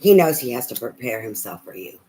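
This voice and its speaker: A tarot reader giving a casual, blunt and heavily profane love reading in an animated way. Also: mid-range voice, brisk, rough recording.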